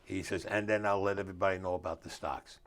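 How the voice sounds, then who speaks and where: An older man, an author appearing as a guest, tells stories in a casual interview, acting out the dialogue in a streetwise way and dropping grammar as he goes. His voice sits low with fairly even intonation and a fairly bright tone, and he talks fast.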